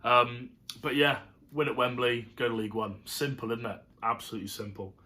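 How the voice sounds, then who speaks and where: A man's voice: medium pitch, level tone, fairly quick, sharp tone. A man giving a chatty, rambling match review to camera, full of fillers and asides. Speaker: football fan reviewing a match. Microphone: camera setup.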